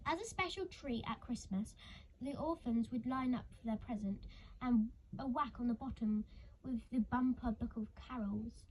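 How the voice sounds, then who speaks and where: A woman narrating a children's storybook, expressive and dramatic, dropping into hushed whispers. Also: on the high side, normal speed, a little hiss or hum, rough recording. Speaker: audiobook reader.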